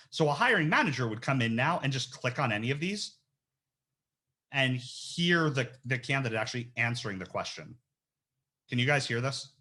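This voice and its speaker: A man running a casual webinar demo as a recruiter, talking in an energetic, slangy, animated way. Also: medium pitch. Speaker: recruiter giving a software training.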